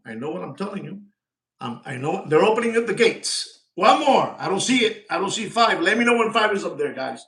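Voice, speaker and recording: A man's voice: sits high, very animated. Brash male watch dealer, live-stream patter, repeats himself, slips into Spanish slang, echoey room. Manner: brash, rapid switching between English and Spanish slang; repeats lines and shouts for likes. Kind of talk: casual live-stream sales talk.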